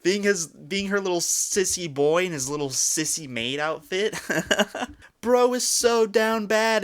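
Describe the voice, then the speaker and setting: A young man with a bright, forceful voice that stays crisp and clear, reacting to what he reads with open disbelief. He mocks and swears freely in a loose commentary style. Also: a little high. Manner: incredulous, mocking, swears a lot. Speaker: commentary YouTuber.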